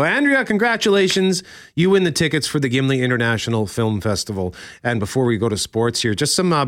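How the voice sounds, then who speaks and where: Male morning radio co-host, animated pitch, dry studio sound, chatty letter-reader. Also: no echo. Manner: chatty, reads listener letters aloud with asides. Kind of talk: casual radio chat. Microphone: studio microphone.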